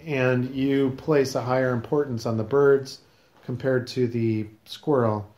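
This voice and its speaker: A man's voice: medium pitch, steady tone, a little slow, a little mellow. Teasing male podcast host, echoey room. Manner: teasing, mock-serious questioning. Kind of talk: casual podcast chat.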